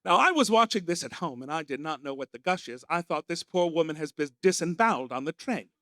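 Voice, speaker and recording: Fast and animated, an American comedy host with a bright, forceful tone leads a stand-up night at a small pub in front of a live audience. He's camp and theatrical, swooping into shrill character voices, recorded cleanly with no echo, studio sound.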